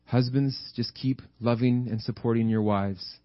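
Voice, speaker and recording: A man's voice: mid-range voice, fairly even intonation, unhurried, no room sound, lo-fi sound. A man preaching a sermon with fervent, repetitive emphasis, often calling out to the congregation for an "Amen.".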